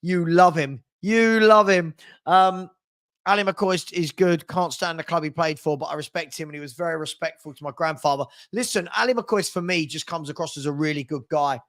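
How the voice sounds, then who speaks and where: A man with a slightly high, fairly bright voice talks fairly quickly while hosting a live football stream. Chatty and rambling, he reads and responds to viewer comments, and he regularly restarts sentences and repeats words along the way.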